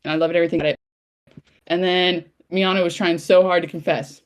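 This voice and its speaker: Gushy podcast girl, lowish voice, super excitable, keeps doing her own reactions. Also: fast talker. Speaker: podcast co-host. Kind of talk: casual chat.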